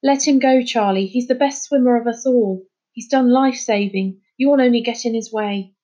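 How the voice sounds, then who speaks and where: A woman's voice: on the high side, moderate pace, dark tone, muffled recording, lightly acted. A woman voicing a practical, bossy girl who speaks curtly and takes charge. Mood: urgent. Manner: curt, commanding.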